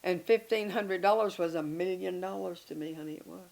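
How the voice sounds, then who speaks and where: An older woman, an interview guest, telling candid stories in a lively, self-mocking way and laughing between lines. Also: on the low side, fairly quick, creaky. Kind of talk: candid storytelling chat.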